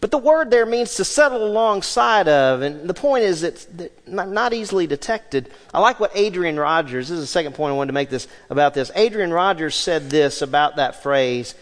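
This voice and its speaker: A pastor delivers his sermon with animated swings between loud emphasis and hushed asides. His voice sits a little high for a man. The church hall adds a long reverb behind every phrase. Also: moderate pace, few pauses.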